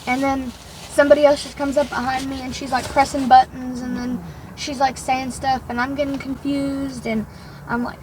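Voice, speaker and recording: A young woman with a rather high voice tells a long, rambling story in relaxed conversation, filling it with "like" as she goes. She is talking in a car, with faint road noise under her voice. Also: moderate pace. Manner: rambling storytelling, heavy use of "like". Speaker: daughter telling about her first workday. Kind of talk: casual chat.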